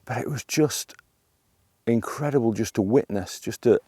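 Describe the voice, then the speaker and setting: A middle-aged man, a landscape photographer, talking through his shots outdoors on a hillside, with excited, breathless bursts of wonder. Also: mid-range voice, moderate pace, breathy edge, no echo, studio quality. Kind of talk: outdoor vlog narration.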